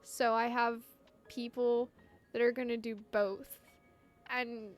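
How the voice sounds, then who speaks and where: A woman's voice: fairly high pitch, level tone, takes it slowly, soft background music. A young woman streaming a game live, bubbly and giggly, easily flustered. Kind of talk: live game playthrough, reading lines aloud.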